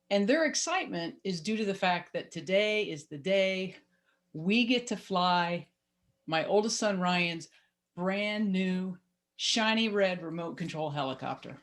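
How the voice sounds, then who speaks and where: Wry woman telling a personal story. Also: fairly low pitch. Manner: lively, wry and self-mocking.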